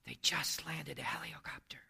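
Small boy as voiced by a preacher, quiet and hushed, slipping into a whisper, gravelly edge; a sermon anecdote. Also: a little high, animated, moderate pace, full character voice. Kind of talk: sermon illustration.

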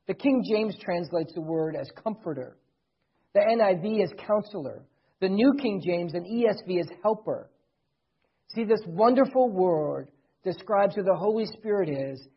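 Husky pastor guy preaching, fairly high voice, goes loud then soft, dull lo-fi sound. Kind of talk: sermon. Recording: dull lo-fi recording.

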